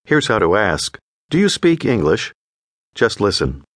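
A man narrating a language course in a clear, patient, scripted teaching voice. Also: lowish voice, very animated, unhurried, a bit bright, no echo, studio quality. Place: recording studio.

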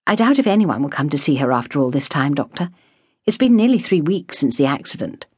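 A woman's voice: low voice, very animated, brisk, darkish tone, husky, no echo, studio quality, heavily acted. A woman voicing a proper, dutiful nursing sister in an audiobook. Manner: prim, dutiful.

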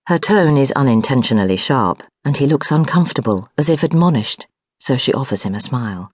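A woman reads a historical novel aloud, unhurried and measured. Her voice is husky and breathy, and the close recording is completely dry. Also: a bass voice, expressive, a little mellow, no room sound. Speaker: audiobook narrator. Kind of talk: scripted narration of a historical novel.

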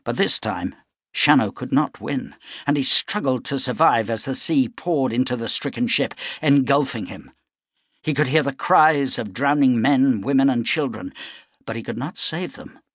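A man narrating an audiobook in measured, dramatic storytelling. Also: mid-range voice, fairly bright tone, husky, no echo, studio quality. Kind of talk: scripted narration.

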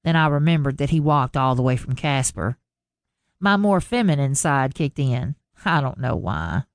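A woman narrating a first-person contemporary romance audiobook in a measured storytelling manner. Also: extremely low pitch, animated, no room sound, studio quality.

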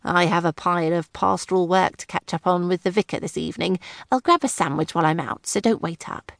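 A woman voicing a long-suffering, henpecked male headmaster, who sighs and talks slowly. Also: on the low side, creaky, no room sound, studio quality. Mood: weary. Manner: sighing, slow, put-upon.

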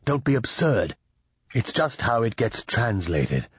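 A man's voice: medium pitch, big pitch swings, measured pace, breathy edge, dry recording, muffled recording, full character voice. A man voicing an anxious male diplomat in an audiobook, speaking shakily and lecturing in a tense, raised voice.

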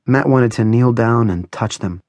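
A man reading a novel aloud as audiobook narrator, in a measured, dramatic style. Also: medium pitch, darkish tone, no room sound. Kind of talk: scripted narration.

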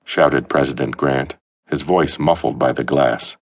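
A man narrating a humorous novel as an audiobook, with an expressive storytelling delivery. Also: a bass voice, a little slow. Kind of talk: scripted narration.

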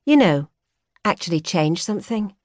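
In an audiobook, a woman narrator voices a young Yorkshire woman with a soft Yorkshire accent, earnest yet teasing, idealistic and quick to mock. Her mid-range voice is sing-song and close to everyday speech. It's a dry studio recording with no echo.

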